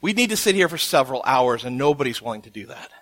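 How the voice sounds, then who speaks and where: A man in his thirties preaching a sermon, telling a story with animated quotes. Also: medium pitch, fast. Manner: animated storytelling, acts out quotes with rising intensity. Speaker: pastor.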